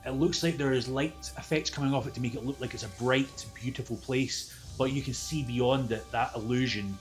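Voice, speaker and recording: Game-master narrator, male, mid pitch, animated with loose asides. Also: fairly quick, faint music behind. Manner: lively, laughs often, loose asides.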